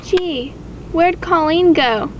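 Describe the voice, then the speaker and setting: High-voiced woman in a playful skit. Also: slow, highs cut off, background noise. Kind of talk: homemade comedy skit.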